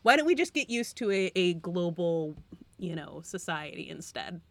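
A woman's voice: on the low side, very animated, moderate pace, vocal fry. A woman co-hosting a casual podcast chat, talking loosely with lots of fillers and breaking into laughter often. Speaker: podcast co-host.

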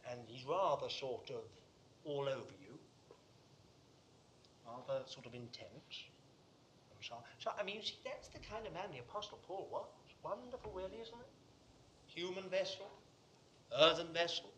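A man preaching a sermon to a congregation in a room, fervent, swinging from hushed asides to loud declarations. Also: a little high, expressive, normal speed, long pauses, a little hiss or hum.

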